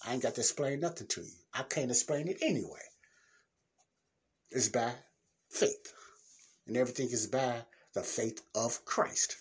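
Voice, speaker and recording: A man's voice: mid-range voice, normal speed, long pauses, husky. A man hosting his own podcast, giving a blunt, plain-spoken Christian teaching in a casual talk. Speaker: podcast host.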